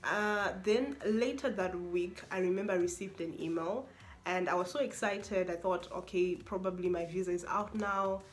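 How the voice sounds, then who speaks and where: A young woman, a university student, telling an expressive, exasperated story-time vlog with lots of repetition. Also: medium pitch, normal speed. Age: young adult.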